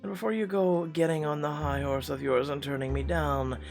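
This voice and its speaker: A man's voice: a little high, steady tone, moderate pace, creaky, faint music behind, pitched above the performer's own voice. A man voicing a scheming older woman with a put-on Southern twang, reading a story game aloud. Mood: cool, bargaining. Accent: American Southern (put on).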